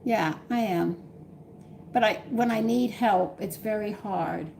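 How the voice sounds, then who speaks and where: A woman's voice: mid-range voice, slow, gravelly, darkish tone, slight background noise. An older woman hosting a home cooking live stream, chatting with viewers and telling exasperated stories from home. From Texas. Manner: chatty, exasperated storytelling with laughs. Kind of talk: casual live-stream chat.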